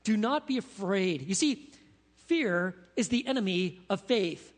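A man preaching a sermon as pastor, animated, asking his congregation questions as he teaches. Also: sits high, unhurried. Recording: long reverb of a large hall.

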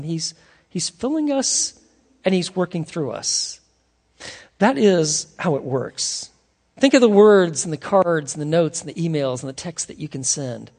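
A male pastor preaching a sermon, telling a story with animated delivery that swings between loud bursts and hushed, earnest asides. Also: on the high side, slightly rough, in a large hall.

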